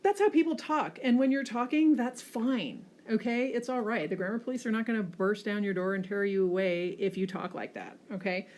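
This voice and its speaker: A woman teacher giving a classroom lecture over slides, often checking in with a quick "okay?" and pushing hard on key words. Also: medium pitch. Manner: frequent checking "okay?" tags, lively emphasis.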